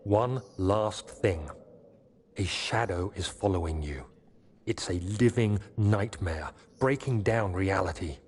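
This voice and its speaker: A man's voice: deep voice, slow pace, a little mellow, a little hiss or hum. A man voicing a grim young man who leaves a solemn recorded warning to himself in a game. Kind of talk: scripted game voice-over.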